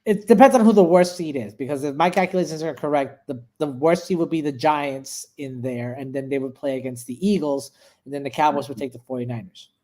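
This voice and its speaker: A man's voice: a little high, brisk, darkish tone. Easygoing man talking football matchups. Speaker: podcast co-host. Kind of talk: casual sports chat.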